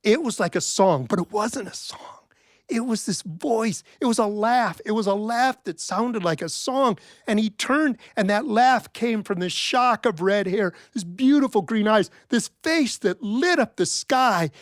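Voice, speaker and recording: Give me a wry, animated male storyteller, fairly high voice, dry close sound. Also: measured pace, hardly any pauses, no room sound. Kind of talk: told folk-tale storytelling.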